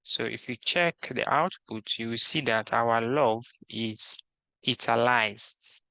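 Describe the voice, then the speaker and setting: A mid-range male voice with vocal fry, pushed and bright, comes through without echo. In a screen-recorded coding tutorial, he goes slowly and methodically, reading each task aloud and describing his steps as he works.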